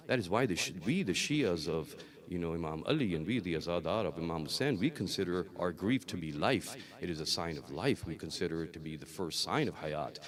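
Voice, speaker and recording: A man delivers a religious sermon in a lowish voice. He tells the story with acted dialogue and rises to emphatic peaks, slowing and repeating key words for weight. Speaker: scholar reciting a majlis.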